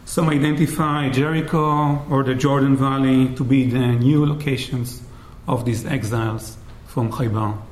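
A man giving an academic lecture in a measured way, often checking in with "right?". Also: medium pitch, fairly even intonation. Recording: roomy echo.

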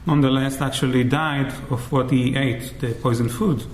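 Male lecturer, measured academic delivery, average pitch, roomy reverb. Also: fairly even intonation. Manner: measured, frequent "right?" checks. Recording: roomy echo.

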